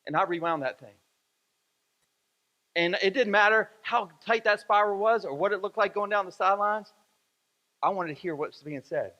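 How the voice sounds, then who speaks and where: A man's voice: high voice, normal speed, long pauses, bright, forceful tone, lo-fi sound. A male pastor preaching a sermon in a church, repeating phrases for emphasis. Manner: repetitive, emphatic preaching with rising fervor. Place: church sanctuary. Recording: echoey church hall.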